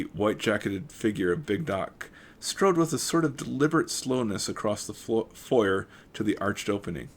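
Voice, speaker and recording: A man with a lowish voice reads a mystery novel aloud. He keeps a steady pace but stumbles and corrects himself now and then, breaking off for relaxed comments of his own. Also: a little hiss or hum. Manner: steady reading with occasional stumbles and self-corrections. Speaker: audiobook reader. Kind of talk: reading a novel aloud with casual asides.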